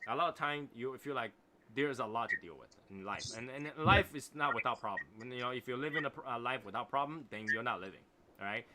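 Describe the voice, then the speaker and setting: A man's voice: medium pitch, animated, fast, very noisy. A man with a non-native English accent hosting a casual livestream chat, reading viewer comments and reflecting in a rambling way, often asking "right?". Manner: reflective, rambling, repeats phrases and asks "right?". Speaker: host of a cigar livestream.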